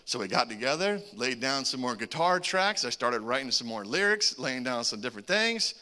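A man in his forties preaching a sermon as a humorous, animated story, often chuckling between lines. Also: mid-range voice, normal speed. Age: 40s. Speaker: pastor.

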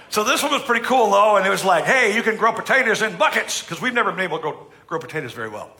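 A man's voice: sits high, big pitch swings, racing, creaky, hardly any pauses, pushed and bright. A middle-aged man from the United States preaching a sermon in a chatty, humorous way, acting out what people say. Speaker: pastor.

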